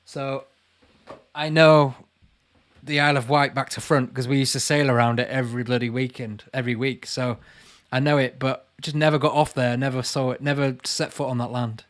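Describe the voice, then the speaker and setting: A man's voice: mid-range voice, little pitch movement, moderate pace. A man in his late thirties with a Lancashire accent, chatting casually on a livestream, reading viewer comments aloud and calling people mate. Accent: Lancashire English. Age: late 30s. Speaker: channel host answering live chat.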